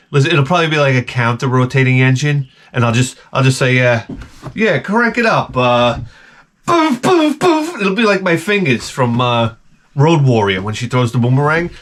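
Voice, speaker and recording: A man's voice: mid-range voice, lively intonation, a little fast, a bit bright. A middle-aged man ranting sarcastically through a casual story, mimicking the people in it. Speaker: vlogger.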